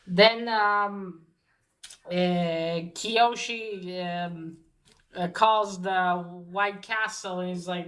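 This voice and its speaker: Slow, hesitant woman in an echoey room. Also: medium pitch, steady tone. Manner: hesitant, many fillers and restarts. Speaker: podcast host recapping a comic. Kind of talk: casual spoken recap.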